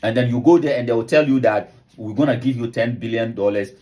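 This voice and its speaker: A man from Africa speaks at a middling pitch in an opinion commentary. He presses his case insistently, stacking rhetorical question on rhetorical question and repeating words as he pushes forward. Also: quick pace, warm tone. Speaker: political commentator.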